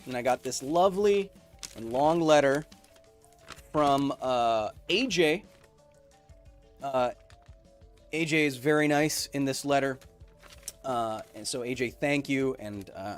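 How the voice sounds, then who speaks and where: A man in his thirties hosting a casual live-stream podcast, answering chat questions with quick jokes and lots of ums. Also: mid-range voice. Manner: animated and jokey, with many ums and playful outbursts.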